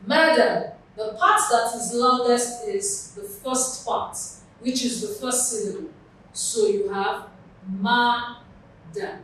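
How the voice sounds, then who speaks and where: A woman from Nigeria teaching an exam lesson in a slow, deliberate way, repeating and spelling out words at a board in a classroom. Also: on the high side. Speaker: exam tutor. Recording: echoey room from far off with faint noise.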